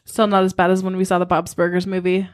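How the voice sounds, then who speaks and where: A woman on a podcast chipping into the conversation excitedly. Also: on the low side, fast talker. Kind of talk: casual chat.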